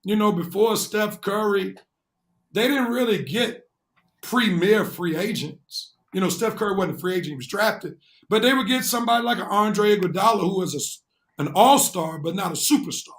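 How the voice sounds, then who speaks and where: High-voiced man explaining sports. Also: animated, moderate pace. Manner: earnest, explains points at length with restarts. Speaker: co-host. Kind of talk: casual sports talk.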